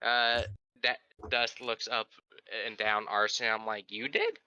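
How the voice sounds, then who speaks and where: A tabletop player slowly narrating their own character's actions and lines. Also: mid-range voice, level tone, pushed and bright, clean tone, no room sound, muffled recording. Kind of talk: casual in-character tabletop chat.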